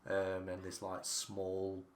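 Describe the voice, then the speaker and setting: Casting: low-pitched man, game master, rambling, hesitant scene descriptions. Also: monotone, slow, a little hiss or hum. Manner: rambling descriptions full of ums and restarts. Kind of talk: narrating a tabletop game.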